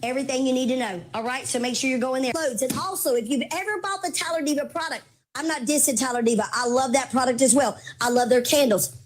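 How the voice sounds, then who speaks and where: A woman hosting a casual live-stream sale, chatting with viewers, calling them baby girl and mama, with her voice going hoarse from talking. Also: high voice, quick pace, slight background noise. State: losing her voice.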